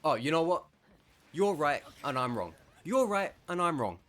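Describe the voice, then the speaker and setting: A man's voice: medium pitch, quick pace, natural voice. Man mimicking a snarky customer. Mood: sarcastic. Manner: sarcastic, then shouting insults. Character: rude snarky male customer, adult.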